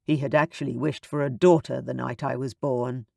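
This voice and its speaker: A man voicing an earnest young duke in an audiobook, firm and measured. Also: mid-range voice, fairly even intonation, vocal fry, mellow, no room sound, studio quality. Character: brooding young duke, proud and intense. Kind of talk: audiobook character voice.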